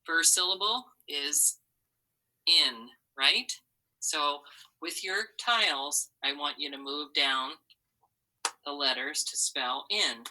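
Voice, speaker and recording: Woman teacher, super low voice but really bright tone, patient phonics lesson. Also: takes it slowly, low-quality recording. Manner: patient, step-by-step instructions, models sounds for repeating. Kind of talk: phonics lesson to young students.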